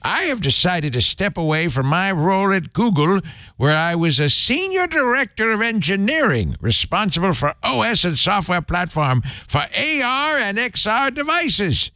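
A man's voice: sits high, very animated, moderate pace, sharp tone, no room sound, clean studio sound, voice pushed up, exaggerated voice. A man putting on a cranky old man's voice to read out a resignation post, a little back from the mic.

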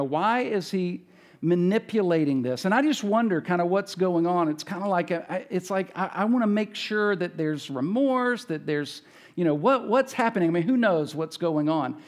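A male pastor preaching a casual, conversational sermon, retelling scripture with folksy asides and quick self-corrections. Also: sits high, a little mellow. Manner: retells scripture casually, acts out characters' lines.

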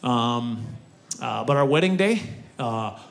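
A middle-aged man performing a stand-up comedy routine on stage, playful and animated. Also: medium pitch, slow, creaky. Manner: animated, playful, breaks into laughter. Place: comedy stage before a live audience.

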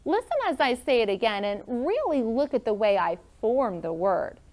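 A woman's voice: a little high, sing-song, normal speed, a little mellow. A woman teaching a first grade classroom lesson, upbeat and encouraging as she calls on pupils by name. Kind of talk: classroom lesson for students and viewers.

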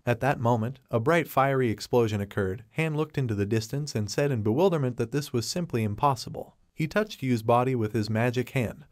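A man narrating a comic story recap, reading the characters' lines in the same even, unhurried storytelling voice. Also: medium pitch, dry recording, clean studio sound. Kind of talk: scripted narration.

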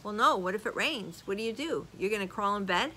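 Older woman, bright voice, casual animated chat, slight background hiss. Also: medium pitch, a little fast, poor audio. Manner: chatty, animated, laughs often. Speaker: YouTube vlogger. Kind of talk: casual chat reading comments.

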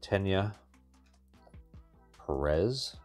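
A man's voice: sits low, animated, extremely slow, music in the background. A man hosting a card-opening channel, giving wry, chatty running commentary as he opens packs. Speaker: card-breaking channel host. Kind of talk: casual pack-opening commentary.

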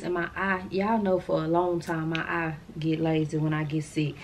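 Chatty woman vlogger, lowish voice. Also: level tone, normal speed, a little hiss or hum. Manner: chatty, rambling, addresses viewers as y'all. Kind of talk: casual chat to camera.

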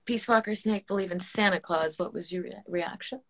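A woman's voice: fairly low pitch, fairly quick. A woman hosting a casual interview and reading out viewer questions, friendly and hesitant, with many fillers. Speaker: podcast host.

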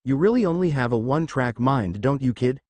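A man's voice: medium pitch, animated, a little fast, darkish tone, close to an everyday voice. A man voicing a lecherous old male sage mentor in a fan fiction audiobook, talking in a theatrical, blustering way. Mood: coaxing.

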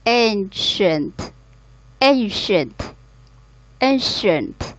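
A woman's voice: medium pitch, sing-song, drawn-out words, no room sound. A woman student carefully repeating vocabulary words one by one in an online pronunciation drill. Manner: careful, repeats each word. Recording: muffled online call audio.

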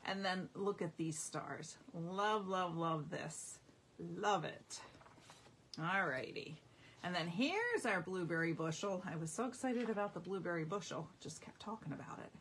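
A woman's voice: mid-range voice, fairly bright tone, slight background noise. A middle-aged woman hosting a casual live craft showcase, gushing enthusiastically over her products. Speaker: craft demonstrator.

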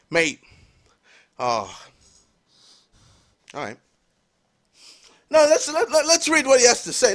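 High-voiced man ranting. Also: sing-song, moderate pace, long pauses, fairly bright tone. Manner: exasperated, repetitive ranting with slang. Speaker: gaming YouTuber. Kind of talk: ranting gaming commentary.

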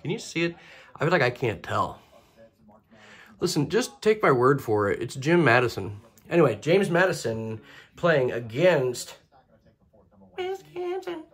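A host doing deadpan, absurd jokes while flipping a coin for picks in a comedy vlog. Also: mid-range voice, moderate pace. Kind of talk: comedic coin-flip bracket picking vlog.

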